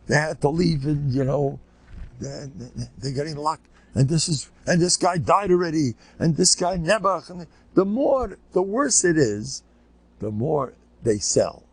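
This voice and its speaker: An older man, a rabbi, giving a rambling informal lecture full of anecdotes and Yiddish words, sometimes squeaking out children's voices. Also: lively intonation, a little slow, breathy edge, no echo. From United States.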